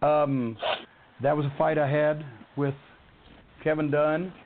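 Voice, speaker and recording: High-voiced man cursing through a tinny line. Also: little pitch movement, takes it slowly, slight background noise. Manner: heated, cursing, rambling storyteller. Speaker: wrestling storyteller. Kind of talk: profane anecdote on a talk show. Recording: tinny phone-line audio.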